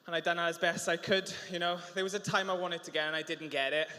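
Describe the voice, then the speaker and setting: Young Welsh man, emotional and halting, bright voice, reverberant arena. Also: fairly high pitch, fairly even intonation. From South Wales. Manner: halting, with many restarts and fillers. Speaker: interviewed swimmer. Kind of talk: emotional poolside interview. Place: large indoor swimming arena.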